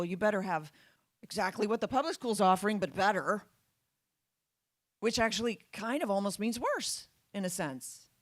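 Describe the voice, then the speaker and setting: A woman's voice: medium pitch, dry recording. A woman giving a public talk to an audience, emphatic and full of rhetorical questions. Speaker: guest speaker.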